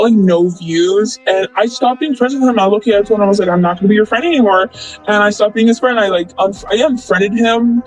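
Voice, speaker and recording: A man's voice: high voice, poor audio. A young man in casual storytelling, rambling and filling his talk with "like" and "blah, blah.". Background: faint background music.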